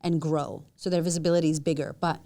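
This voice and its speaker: Podcast guest, woman, author and speaker; low-pitched, animated storyteller. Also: fast talker. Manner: animated storyteller who acts out quotes. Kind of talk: casual interview chat.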